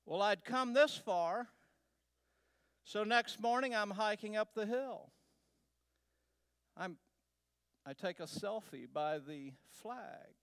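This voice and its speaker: A man from Texas, a guest speaker, telling a personal travel story to a church in a slow, unhurried way with pauses. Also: sits high, clear, resonant tone, no echo. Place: church sanctuary.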